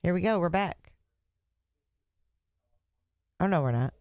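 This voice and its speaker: A woman's voice: lowish voice, lively intonation, slow, a little mellow, no echo. Chatty woman hosting a livestream. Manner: chatty, joking, talks to chat. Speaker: livestream host. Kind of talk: casual livestream commentary.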